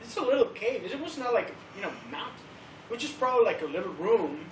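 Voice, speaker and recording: High-voiced man teaching a youth group. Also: fast talker. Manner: animated storytelling, acting out crowd voices. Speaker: youth leader. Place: church youth service room. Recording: roomy, distant recording with faint background noise.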